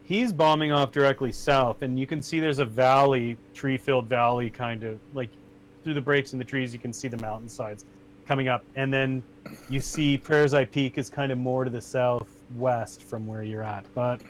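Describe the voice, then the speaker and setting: A man running a tabletop game, describing the scene in a chatty, loose way, his voice middle in pitch. His sentences often trail off quietly, and a faint hum sits under the recording. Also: fairly even intonation, normal speed. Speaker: game master.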